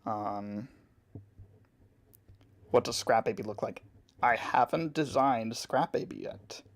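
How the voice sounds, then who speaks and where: A man casually answering chat questions while drawing on a live stream, relaxed and chatty. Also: medium pitch, takes it slowly.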